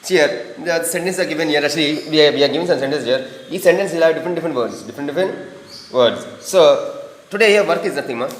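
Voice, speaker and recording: A man's voice: a little high, quick pace, a little hiss or hum. A man teaching a grammar lesson to students, repeating points and calling them "ma". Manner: repetitive, addresses students as "ma". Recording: echoey room with long reverb.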